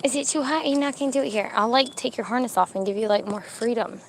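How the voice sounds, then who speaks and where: A woman's voice: on the high side, fast talker, creaky, a little hiss or hum. A young pregnant woman, chatting casually to a live stream and giving commands to her dogs, a little out of breath in the heat. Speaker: vlogger with service dogs. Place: outdoor dog park.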